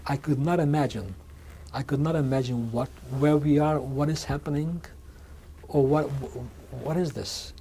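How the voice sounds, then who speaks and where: An older man in his sixties recounts his past in a recorded interview, his voice mellow and dark-toned at a middling pitch. He speaks haltingly, circling back and restarting phrases. A faint hum sits behind him. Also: fairly even intonation. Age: 60s. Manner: halting, with frequent restarts and repeated words. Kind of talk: oral history testimony. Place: museum interview room.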